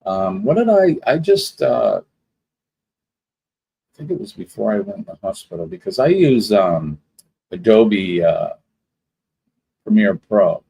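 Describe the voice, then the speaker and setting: A man's voice: fairly low pitch, very animated, unhurried, vocal fry, long pauses, mellow, husky, low-quality recording. A man hosting a casual live stream, greeting viewers one by one in a rambling, chatty way. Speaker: livestream host.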